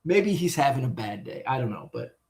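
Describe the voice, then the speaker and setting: A man's voice: mid-range voice, big pitch swings, brisk, a little mellow. Rambling, cussing man venting. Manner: rambling and profane, retelling with exasperation. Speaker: sports card collector vlogger. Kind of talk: casual venting monologue.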